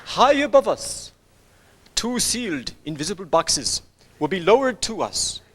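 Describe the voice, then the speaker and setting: A man's voice: high-pitched, big pitch swings, measured pace, a bit bright, some chatter behind, slight background noise. A man in a comedy act, speaking in an earnest, mock-formal way on a festival stage. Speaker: street performer.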